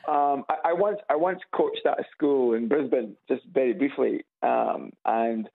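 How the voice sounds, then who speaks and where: A caller with an Edinburgh Scottish accent speaks to a radio show from a phone on loudspeaker, his gravelly, medium-pitched voice made tinny by the line. The phone-in chat is casual, halting and repetitive, laced with dry humor.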